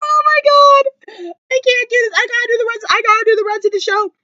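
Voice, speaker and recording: A teenage TV reviewer in a bedroom, loud and excitable, close to tears as they react to a show. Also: very high-pitched, very fast, no room sound, dull audio. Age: late teens. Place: bedroom at home.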